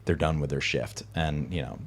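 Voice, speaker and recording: Easygoing man, very low voice, podcast host telling loose anecdotes in casual chat. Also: normal speed, slight background noise. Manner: easygoing storyteller, lots of filler words.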